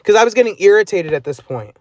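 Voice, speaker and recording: A man's voice: high voice, animated, fast, darkish tone, no echo, lo-fi sound. A man on a phone livestream, recounting messages aloud in an exasperated casual rant.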